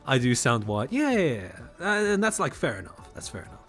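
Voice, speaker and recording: A man's voice: medium pitch, sing-song, brisk, few pauses, a bit bright, faint music behind. A young man from Australia whose first language is Mandarin, chatting casually on a live stream, laughing often and reading out chat messages.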